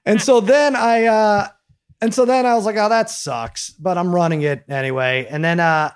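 A man hosting a podcast, telling a story in a lively, casual way and acting out the quotes. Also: high voice, moderate pace, clear, resonant tone. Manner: animated storyteller, acts out quotes. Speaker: podcast host.

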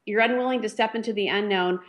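A woman co-hosting a Christian radio talk show, speaking earnestly and encouragingly about faith. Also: mid-range voice. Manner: earnest, encouraging, slow and deliberate.

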